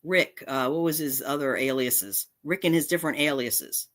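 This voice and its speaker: Woman, low-pitched, angry vlog rant, confrontational, repeats herself. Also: moderate pace. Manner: confrontational, indignant, repetitive. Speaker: cat channel vlogger. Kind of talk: angry direct-to-camera rant.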